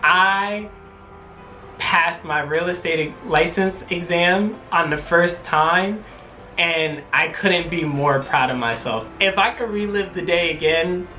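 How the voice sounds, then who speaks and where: Animated man telling a storytime vlog. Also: on the high side, takes it slowly, faint music behind. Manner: animated storytelling with acted-out quotes. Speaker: vlogger.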